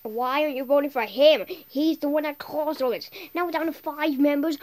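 A woman's voice: high voice, normal speed, hardly any pauses, darkish tone. A woman voicing squabbling contestants in an amateur cartoon, with a petulant, bickering delivery.

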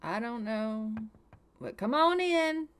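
Brief: young woman, higher voice, dramatic exasperated game commentary. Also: expressive, slow pace, clear, resonant tone. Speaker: let's play host.

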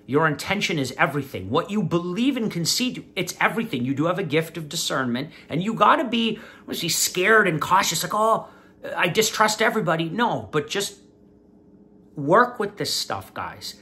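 A man hosting his own channel, casually commenting on an interview and speaking directly to his viewers in a preachy, animated way. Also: on the high side. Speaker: vlogger, channel host.

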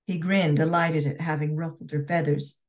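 A woman author narrating her romance novel in a steady, measured reading voice. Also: deep voice.

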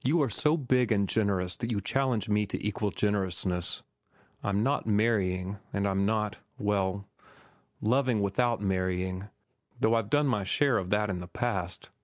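A man reading the part of a young former sailor who speaks gently and firmly, in measured audiobook dialogue. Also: fairly low pitch, no room sound, clean studio sound, natural voice. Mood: gentle.

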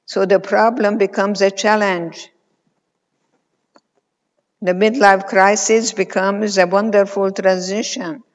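A woman in her eighties, a psychologist, giving a motivational conference talk, telling stories slowly and emphatically with pauses. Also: medium pitch, fairly even intonation. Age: 80s. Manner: slow, emphatic storytelling with pauses. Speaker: keynote speaker, psychologist. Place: large conference hall. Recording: reverberant hall, muffled sound.

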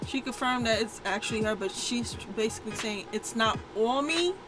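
A woman's voice: a little high, moderate pace, over music, poor audio. Chatty slangy woman reacting to a tv episode, show sound playing behind. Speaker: reaction video co-host. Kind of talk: casual reaction commentary.

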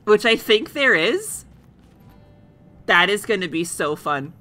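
A chatty woman streamer playing a game with excitable commentary. Her voice is bright and lively, and she talks straight to the characters. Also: on the low side, a little slow, low-quality recording. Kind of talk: casual playthrough commentary.

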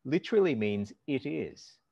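A middle-aged man explaining language points in an animated, instructive way, speaking aloud examples as he goes. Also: mid-range voice, normal speed, vocal fry, slightly rough, no echo. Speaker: language teacher and guest. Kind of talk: explanatory conversation. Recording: dull lo-fi call audio.

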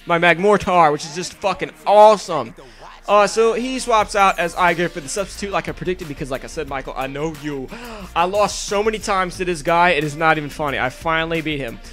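A young man casually narrating his game battle over a home mic, excitable and swearing freely. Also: fairly high pitch, a little fast. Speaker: gaming video narrator. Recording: faint music underneath.

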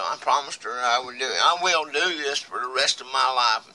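Man, middle-aged, drawling vlogger; piercing bright tone, rambles and accuses. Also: mid-range voice, a little fast, a little hiss or hum, low-quality recording. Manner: mutters quietly while reading paperwork. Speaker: video blogger. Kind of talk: rambling monologue to camera.

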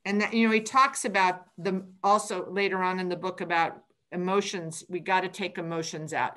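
A woman's voice: on the low side, steady tone, moderate pace, hardly any pauses, a bit bright. A woman hosting a book club call, chatting casually and retelling sales conversations with frequent restarts. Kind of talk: casual group call discussion.

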